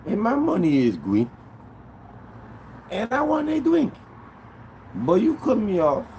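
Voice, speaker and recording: Man putting on a wailing drunk Haitian guy, high pitched and pleading, noisy background. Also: slow pace, exaggerated voice. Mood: indignant wailing. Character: drunk indignant Haitian man cut off at a bar. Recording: steady background noise with vehicle sounds.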